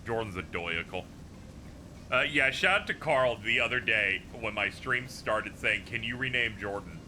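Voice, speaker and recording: A man's voice: medium pitch, normal speed, bright, forceful tone, a little hiss or hum. A man streaming a video game live, chatting casually as he reads viewers' posts aloud, laughing often and swearing freely.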